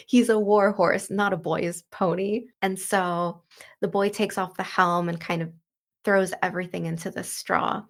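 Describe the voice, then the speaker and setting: A woman's voice: lowish voice, fairly even intonation, a little slow, gravelly. A woman hosting a book walkthrough, retelling the story in a loose, chatty way full of "like" and "you know.". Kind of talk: casual book commentary and retelling.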